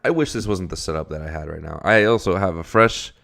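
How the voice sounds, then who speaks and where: A man with a quick, creaky, somewhat bright voice casually reads a webcomic aloud and comments on it, sounding tired in the early morning. He swears freely, rambles, and jumps high in pitch when something surprises him.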